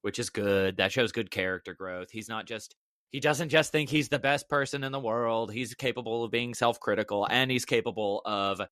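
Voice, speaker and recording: A man's voice: lowish voice, fairly even intonation, moderate pace, fairly bright tone, no room sound, clean studio sound. A man co-hosting a podcast, giving reflective opinions and playful asides in casual chat. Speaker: podcast co-host.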